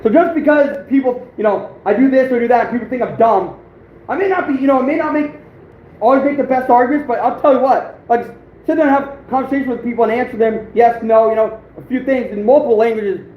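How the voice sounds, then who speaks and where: A man's voice: extremely high pitch, quick pace. A man from the United States hosting an outdoors livestream, chatting casually in a rambling, boastful way and chuckling often. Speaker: outdoors channel host, livestreaming. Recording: roomy, dull lo-fi sound with faint noise.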